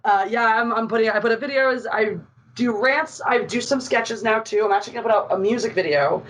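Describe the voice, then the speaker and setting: A woman's voice: fairly high pitch, a little fast, poor audio. Philly woman guest on a podcast, chatty and jokey, light faint hiss in the background. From Philadelphia. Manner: chatty, self-deprecating, jokey. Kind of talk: casual podcast chat.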